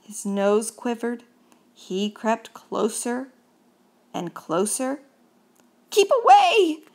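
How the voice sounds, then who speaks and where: A woman reading a children's picture book aloud, expressive and unhurried. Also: medium pitch, vocal fry. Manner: slow, expressive storytelling. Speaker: storybook reader.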